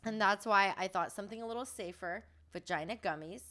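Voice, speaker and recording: A woman's voice: mid-range voice, a little fast, a bit bright. A woman hosting a podcast in casual chat, gushing and talkative, laughing often in a studio. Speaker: podcast host.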